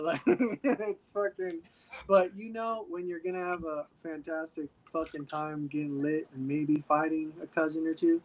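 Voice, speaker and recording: A man's voice: on the high side, steady tone, moderate pace, highs cut off. Laid-back profane man hosting a stream. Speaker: livestream host. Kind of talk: casual chat. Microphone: streaming mic.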